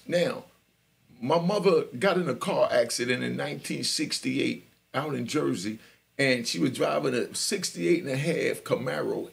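A creaky, mid-range male voice belongs to a podcast host from Jamaica. Live on air, he narrates his own life in street talk, repeatedly making sure the audience is with him.

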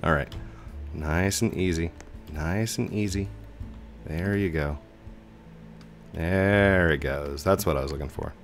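A man casually commentating a video game he plays, goofing around with silly sound effects and sudden high yelps. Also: takes it slowly, pauses often, soft background music. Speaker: gaming YouTuber. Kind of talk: casual let's-play commentary.

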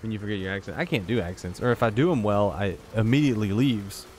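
A man's voice: fairly low pitch, fast, darkish tone, a little hiss or hum. A tired man giving rambling, joking commentary to himself while playing a video game. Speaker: gaming YouTuber. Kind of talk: casual gameplay commentary.

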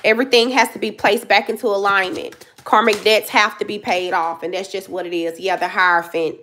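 A woman's voice: mid-range voice, fairly even intonation, brisk, bright, forceful tone, slight background noise. Woman tarot reader, blunt, emphatic, repeats herself, swears, casual. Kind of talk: casual spiritual reading.

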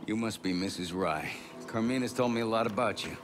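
A man's voice: on the low side, brisk, lightly acted. An actor playing an injured, grim man who feels responsible for his lost people, speaking tersely. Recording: music loud behind.

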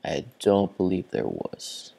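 A man with a stuffy, congested voice narrates his own gameplay in an unhurried, drawn-out way. He swings between quiet mutters to himself and sudden excited gasps. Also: low-pitched, vocal fry, husky. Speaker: gaming channel host. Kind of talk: let's play commentary.

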